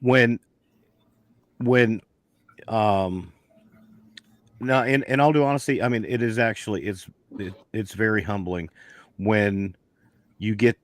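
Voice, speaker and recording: Guest beekeeper, low dry voice, folksy and rambling, lots of restarts. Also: male voice, slow pace, pauses often, dry recording. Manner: rambling storyteller with many restarts. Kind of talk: casual chat on a video call.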